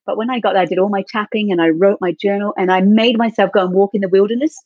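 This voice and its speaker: Woman guest, earnest and open, breathy tone, dead-dry lo-fi capture. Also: mid-range voice, fairly even intonation, fast, dry recording. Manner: heartfelt, earnest, easily moved. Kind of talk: candid personal storytelling. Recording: dull lo-fi dry sound.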